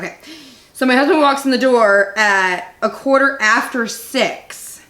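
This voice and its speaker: A lively middle-aged woman chatting with a co-host, voice sitting a little high. She tells stories with gusto, slipping into quoted voices along the way. The room around her rings with echo. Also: measured pace. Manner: animated storyteller, acts out quotes. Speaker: podcast co-host. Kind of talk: casual chat. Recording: echoey room.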